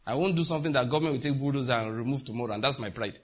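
Husky-voiced male pastor preaching. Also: medium pitch, rapid-fire. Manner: emphatic preaching with rhetorical questions. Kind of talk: sermon.

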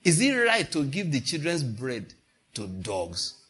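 A man preaches a sermon in an animated, storytelling way, swinging his pitch widely as he acts out voices. His voice is bright with a husky edge, and he sits a little above the usual male pitch. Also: a little slow. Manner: animated, storytelling with laughter and acted-out quotes.

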